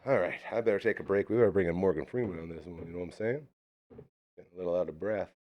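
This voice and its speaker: A man's voice: sits low, rapid-fire, dull audio. A man hosting a live podcast in a rambling, jokey, upbeat way. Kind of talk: casual live show chat.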